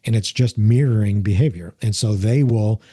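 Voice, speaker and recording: A man's voice: fairly low pitch, moderate pace, dark tone, husky. A man, a former police officer, explaining things earnestly in a conversational interview and acting out the voices of the people he quotes. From United States.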